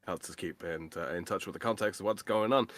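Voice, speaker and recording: Tired, low-voiced man chatting. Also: fairly bright tone, no echo, faint music behind. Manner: tired, drawls slowly, laughs often. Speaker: co-host of a live stream. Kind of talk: casual stream chat.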